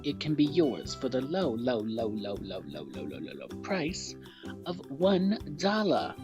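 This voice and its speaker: A man voicing a shady male infomercial salesman in a comedic mock ad, with a hammy, swooping pitch. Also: big pitch swings, measured pace, over music. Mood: salesy.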